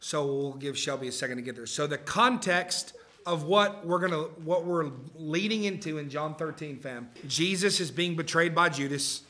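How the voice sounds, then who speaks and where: A man's voice: fairly high pitch, moderate pace, bright, forceful tone. A male pastor giving a conversational sermon to a live congregation, often checking in with the room. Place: church service before a live congregation.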